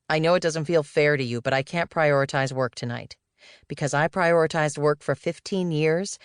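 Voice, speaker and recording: A breezy middle-aged male executive, played by a woman reading an audiobook, casual and easygoing. The voice sits low and even, close and dry. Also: no room sound, natural voice.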